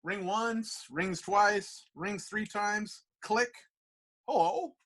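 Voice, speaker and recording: A man, a comic book artist and podcast guest, telling a casual anecdote in an animated, profane, rambling way full of fillers. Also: sits high, extremely slow.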